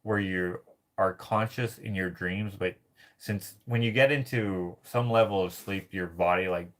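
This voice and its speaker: A man's voice: sits low, a little slow, fairly bright tone. A man telling a rambling personal story to camera, laughing often and filling his talk with "like". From Canada. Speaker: vlogger.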